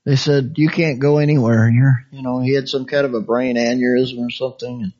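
A man preaching a sermon in a conversational, folksy way, with frequent chuckles and big swings between high, lively phrases and soft, quiet ones. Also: a little fast, few pauses. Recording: dull lo-fi sound.

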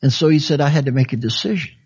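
A husky-voiced man rattles off a sermon at a rapid-fire clip, keeping it folksy and conversational. He chuckles a lot and swings between high, lively phrases and soft, quiet ones, and the sound is dull and lo-fi.

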